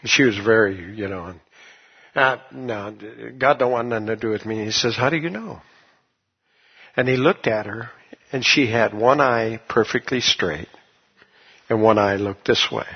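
A man preaching a sermon, telling a folksy story and rising into loud shouts of praise. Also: on the low side, normal speed, breathy edge. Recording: dull lo-fi sermon recording.

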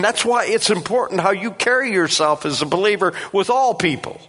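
A man preaching a sermon in a church sanctuary, telling personal stories and acting out voices with animated delivery. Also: high-pitched, a little fast. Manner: animated storytelling, acts out voices. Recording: long reverb of a hall.

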